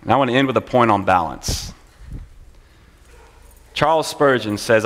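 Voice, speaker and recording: A man's voice: mid-range voice, expressive, moderate pace, long pauses, fairly bright tone. A man teaching a church class, speaking in an earnest, conversational way and often repeating phrases. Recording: long church hall reverb.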